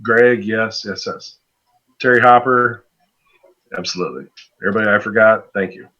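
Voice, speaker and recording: A man with a low voice co-hosts a live online chat and calls out his thanks to people easily. His voice comes through muffled, lo-fi call audio. He sounds relaxed and unhurried. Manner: easygoing, gives shout-outs. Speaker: co-host. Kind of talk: casual live video chat. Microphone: video call.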